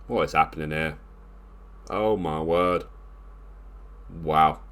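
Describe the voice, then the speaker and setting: A man, commentating his football management game as a video host, groaning at mistakes and getting excited when his team scores. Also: very deep voice, slow, smooth. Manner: exasperated groans, then rising excitement during the comeback.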